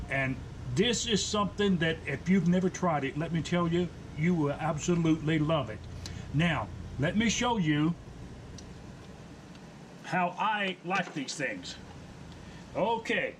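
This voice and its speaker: A man's voice: fairly high pitch, a little hiss or hum, rough recording. A man hosting a casual home cooking demonstration, talking to his viewers in a folksy way and calling them folks. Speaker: cooking channel host.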